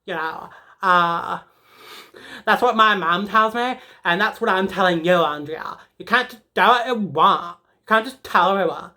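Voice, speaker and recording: A woman's voice: mid-range voice, measured pace, sharp tone. A woman playing a sassy, dramatic teenage schoolgirl in a comedic character monologue, rambling and emotional with lots of "like". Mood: indignant.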